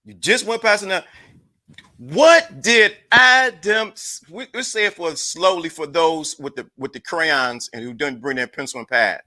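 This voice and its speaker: A man's voice: fairly high pitch, normal speed, hardly any pauses, sharp tone. A man hosting a livestream chat, hyped and emphatic, often repeating himself. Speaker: livestream host.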